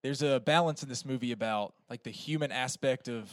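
A man's voice: medium pitch, a little fast, no echo, clean studio sound. A man on a film podcast reading a plot summary and adding casual remarks with fillers. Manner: reads the plot steadily, with fillers when he ad-libs.

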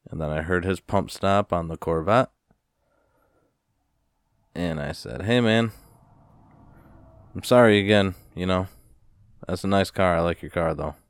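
A man hosting a podcast, telling a story in a casual, profane, rambling rant with animated retellings. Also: low voice, unhurried, long pauses, no echo, studio quality. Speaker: podcast host.

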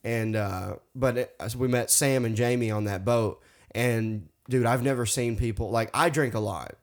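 Man, casual podcast chat, crude, says dude a lot, animated storyteller. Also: mid-range voice, moderate pace.

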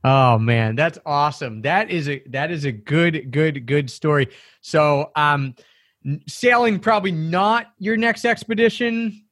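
A man's voice: fairly high pitch, unhurried, a bit bright, no echo, studio quality. A male podcast host thanking his guest and wrapping up in an upbeat, encouraging way. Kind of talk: casual interview chat.

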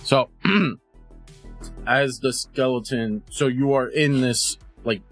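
A man's voice: mid-range voice, slow, fairly bright tone, faint music behind. A man narrating as game master, describing scenes and explaining dice rolls patiently.

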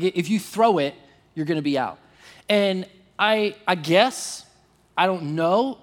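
A man preaching a sermon, telling a personal story in an animated, self-deprecating way, full of quick restarts. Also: on the high side. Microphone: online service broadcast.

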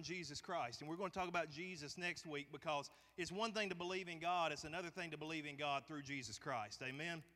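A high-voiced, bright-toned man preaching. He keeps it folksy and conversational and jokes with the congregation. His voice rings through a church sanctuary with a long reverb tail. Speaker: pastor. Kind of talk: sermon.

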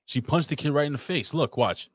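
A man's voice: a little high, a little fast, no echo, clean studio sound. A man hosting a casual chat over a remote call, blunt, profane and teasing. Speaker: podcast host.

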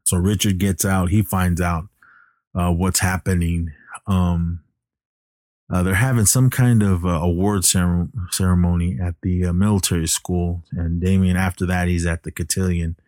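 A man with a very low, mellow voice recaps a film plot in a relaxed, halting way, full of restarts and filler sounds. The sound is dry and close, with no room echo.

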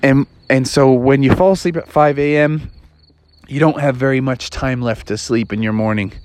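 A woman's voice: a bass voice, normal speed. A woman casually telling a playful bedtime story, talking straight to the children. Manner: playful, animated, talks straight to kids.

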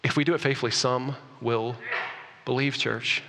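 A man preaching a sermon as pastor, animated, rising loud for emphasis and restarting his words. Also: medium pitch, normal speed, background noise. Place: church sanctuary. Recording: long reverb of a church hall.

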